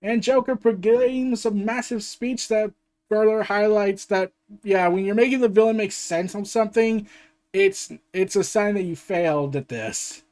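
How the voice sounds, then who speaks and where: A man hosting a casual comic review, opinionated and getting excited as he talks. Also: sits high, normal speed. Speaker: host.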